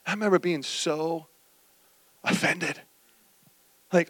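Guy pastor preaching, bright forceful voice, kinda high, tells stories with lots of life. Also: normal speed, pauses often, no echo. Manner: storytelling preacher, animated, acts out quoted voices. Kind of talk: sermon.

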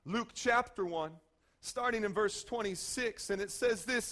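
A man in his forties preaches with a notably high voice. He tells his stories with energy, acting out the voices of the people in them and breaking into shouts. His delivery is that of a pastor leading a sermon. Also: measured pace.

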